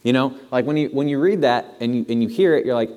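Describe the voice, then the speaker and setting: A man preaching a sermon to his church, earnest and building to animated emphasis. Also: mid-range voice, fast talker, clear, resonant tone, in a large hall. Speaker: pastor. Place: church sanctuary.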